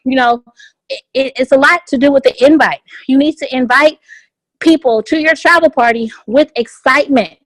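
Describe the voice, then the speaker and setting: A woman with a fairly high voice gives an upbeat motivational training over a conference line. She drives her points home by repeating key phrases again and again. Her voice sounds dry and close, with no room echo. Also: fairly quick. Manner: energetic and repetitive, hammers home key phrases. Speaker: business opportunity trainer on a conference call. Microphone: phone conference line.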